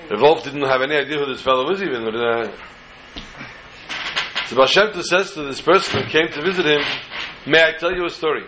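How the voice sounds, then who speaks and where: A man's voice: a little high, a little fast, long pauses, a crowd in the background, rough recording. A man telling a religious folk tale in a casual, informal way, with digressions and joking asides. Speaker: storyteller.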